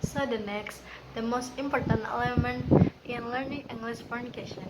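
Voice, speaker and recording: A woman's voice: a little high, fairly even intonation, moderate pace. Indonesian-accented woman reading a class report. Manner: reads steadily from a script. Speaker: student presenter. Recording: clear background noise.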